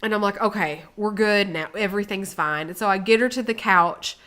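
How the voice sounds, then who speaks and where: A woman co-hosting a casual chat, telling a story with lively acted-out quotes that rise in volume. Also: mid-range voice, brisk. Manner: animated, acts out quotes with rising volume. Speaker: co-host.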